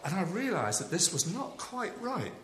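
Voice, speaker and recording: A man from Devon, preaching a sermon in a chatty, anecdotal way with animated rises. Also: sits high, normal speed, a little hiss or hum. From England (Devon). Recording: echoey hall with faint ambience.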